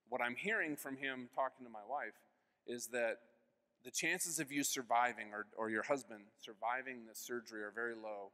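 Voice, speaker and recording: A man in his fifties giving an earnest personal faith testimony as keynote speaker, telling his story with sudden swings between hushed and loud. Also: mid-range voice, moderate pace. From United States. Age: 50s. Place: large convention hall. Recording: long hall reverb.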